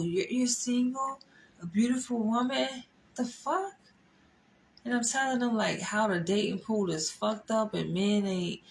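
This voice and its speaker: A woman with a medium-pitched voice tells a story in her vlog, laughing, swearing frequently, and leaning on certain words. The audio quality is poor, and faint background noise can be heard.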